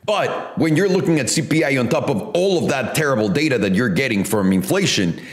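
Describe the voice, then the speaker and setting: A man's voice: medium pitch, expressive, brisk. A man hosting a casual finance commentary, blunt and profane in how he talks. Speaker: host. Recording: echoey room.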